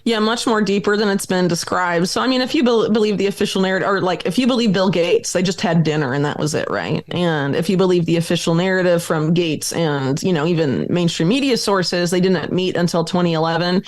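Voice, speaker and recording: A woman guest on a podcast, talking quickly and emphatically through a long, detailed explanation full of dates and names. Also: on the low side. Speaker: guest author and journalist.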